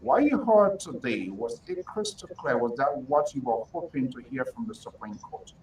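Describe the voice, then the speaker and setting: A man's voice: mid-range voice, animated, moderate pace, darkish tone, recorded from a distance, slight background noise, low-quality recording. A man hosting a political talk show, interrupting and pressing his guests hard for direct answers.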